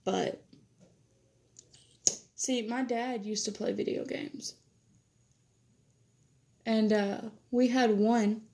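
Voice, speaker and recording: A woman's voice: steady tone, very slow, vocal fry, pauses often, warm tone. A teenage girl chatting casually in a vlog, telling stories while doing her makeup. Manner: chatty, laughs often, quotes others in higher voice. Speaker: vlogger.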